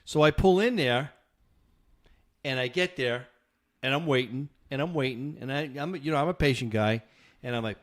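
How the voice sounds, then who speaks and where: Man, middle-aged, podcast co-host, casual chat, animated storyteller, average pitch. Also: normal speed, long pauses. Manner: animated storyteller, acts out dialogue.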